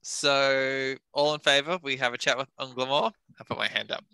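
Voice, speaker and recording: A man's voice: mid-range voice, fairly even intonation, moderate pace, sharp tone, clean tone, no room sound. A man playing a tabletop game, chatty and polite in character. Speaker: player. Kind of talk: casual play at a tabletop game.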